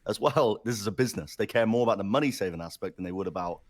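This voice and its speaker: A man's voice: lowish voice, expressive, rapid-fire. A man co-hosting an esports podcast, blunt and skeptical in his opinions. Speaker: podcast co-host. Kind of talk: casual esports chat.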